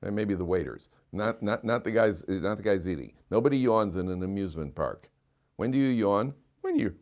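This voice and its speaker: A middle-aged man, a rabbi, teaching a class, telling anecdotes with laughter and putting questions to the room. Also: on the low side. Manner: animated storyteller, laughs through anecdotes, asks the room questions. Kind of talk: storytelling Torah class. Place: classroom with listeners.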